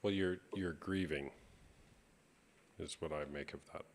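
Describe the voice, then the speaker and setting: A man hosting a live stream chat, speaking in a calm, reflective coaching tone. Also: deep voice, measured pace. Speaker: host.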